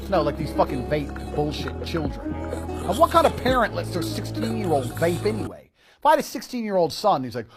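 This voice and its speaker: A man's voice: on the high side, big pitch swings, a little fast, music in the background. A man ranting in a brash, combative and mocking way, with a lot of swearing. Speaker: media personality. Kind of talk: brash profane rant.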